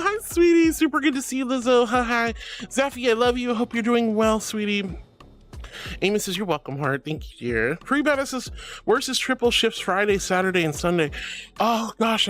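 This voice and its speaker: A man's voice: high voice, a bit bright. A man streaming as a VTuber, casually reading chat aloud with an affectionate, playful manner, calling viewers sweetie and honey. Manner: playful, giggly, teasing. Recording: faint music under the voice.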